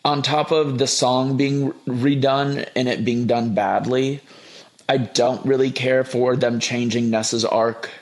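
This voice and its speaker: A man's voice: medium pitch, fairly even intonation, a little slow. A young man in casual chat, giving emphatic opinions in a film review, often restarting his sentences. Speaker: podcast guest.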